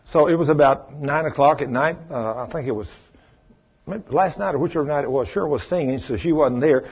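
A man's voice: a little high, fairly quick, husky, dull audio. A man preaching a folksy televised sermon, acting out the voices of people he quotes.

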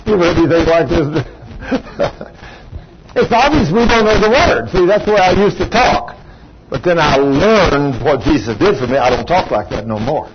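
A man preaching a sermon in a conversational, animated way, rising high for emphasis. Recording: muffled lo-fi recording with background noise.

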